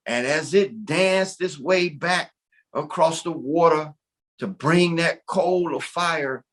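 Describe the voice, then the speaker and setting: A man from North Carolina telling a creation story aloud, in an animated, conversational manner and often checking in with "right?". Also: fairly high pitch, slow pace. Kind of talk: oral storytelling of a creation tale.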